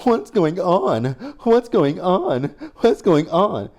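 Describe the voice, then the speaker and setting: A man puts on a panicked young woman, far above his usual voice, shrill and loud. She keeps repeating her question and will not let it go. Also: sing-song, slow, exaggerated voice. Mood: frantic. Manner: shrill, repetitive, insistent. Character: frantic young woman demanding answers.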